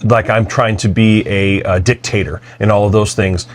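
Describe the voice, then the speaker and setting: A man co-hosting a podcast, speaking in a thoughtful, slightly halting and agreeable way. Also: fairly low pitch, fairly even intonation. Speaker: podcast co-host. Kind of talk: casual conversational podcast.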